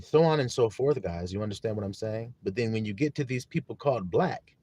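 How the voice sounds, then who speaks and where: Male livestream preacher, emphatic, animated pitch, dry close recording. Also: brisk, husky, no echo. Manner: emphatic, repeats questions to listeners; greets viewers in chat. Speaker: preacher on a live stream. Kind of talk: livestream sermon.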